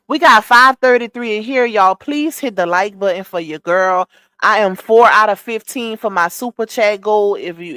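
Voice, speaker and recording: A woman's voice: mid-range voice, a bit bright, no room sound. A woman hosting a live stream, chatting and giving gossip commentary while greeting her viewers by name.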